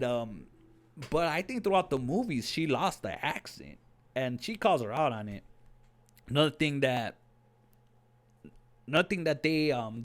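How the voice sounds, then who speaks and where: A man giving a casual, excitable review of a TV episode, rambling and slangy, often saying "dude". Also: medium pitch. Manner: excitable, with many restarts.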